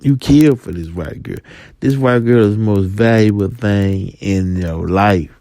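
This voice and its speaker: A man's voice: on the low side, a little slow, warm tone, no room sound, studio quality. A man voicing cocaine as a tempting woman. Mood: seductive. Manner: taunting, coaxing, possessive.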